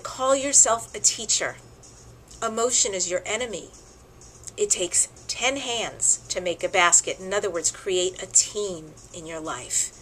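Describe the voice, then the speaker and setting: A middle-aged woman hosts her show and tells a heartfelt tribute story. Her delivery is expressive and emotional, at an ordinary pitch for a woman. A faint hiss of noise sits under the recording. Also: a little slow, poor audio. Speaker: host.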